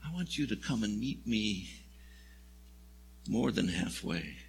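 A man's voice: lowish voice, very animated, takes it slowly, vocal fry, long reverb tail, a little hiss or hum. A male pastor preaching a sermon, telling the story in a conversational, wry way with jokes.

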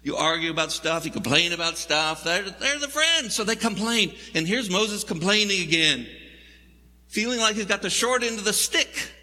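A man's voice: high-pitched, normal speed, sharp tone. A man preaching a sermon in a church, telling the story in a conversational, wry way. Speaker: pastor. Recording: long hall reverb.

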